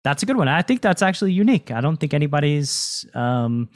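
A man's voice: fairly high pitch, big pitch swings, quick pace. A man hosting a podcast interview in a reflective, coaching tone, often checking in with "right?". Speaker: podcast host. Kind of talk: casual interview chat.

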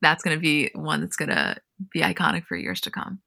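A woman co-hosting a podcast, recapping a reality show in casual chat and retelling scenes with animated storytelling. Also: low-pitched, a little fast, creaky, dry recording, studio quality. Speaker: podcast co-host.

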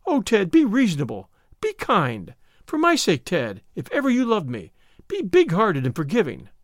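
A man's voice: sits high, very animated, moderate pace, dry recording, studio quality. A man reading a story aloud, voicing a frightened young woman who pleads with her lover. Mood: desperate. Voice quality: breathless, imploring.

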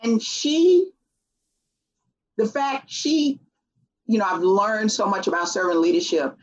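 Speaking in a mid-range, slightly husky voice, a middle-aged female guest tells a story in a relaxed interview, animatedly slipping into the voices of people she quotes. The audio is dull and lo-fi.

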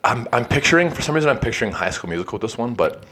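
A man's voice: mid-range voice, sing-song, very fast, pushed and bright, slight background noise. A young man co-hosting a podcast with brash, slangy banter. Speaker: podcast co-host. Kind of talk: casual chat.

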